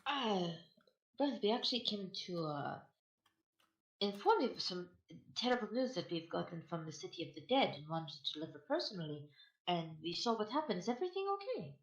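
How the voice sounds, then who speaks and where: Lively, polite woman player in a roomy space. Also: fairly low pitch, normal speed. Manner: polite, hesitant in-character speech. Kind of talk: in-character tabletop play. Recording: roomy echo.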